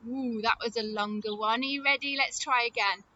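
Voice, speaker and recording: A woman teacher leading an early-years phonics lesson, speaking slowly and encouragingly as she says words clearly and claps out their syllables. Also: fairly high pitch, steady tone. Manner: slow, sing-song, encouraging, clapping out syllables. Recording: dull lo-fi sound with loud noise.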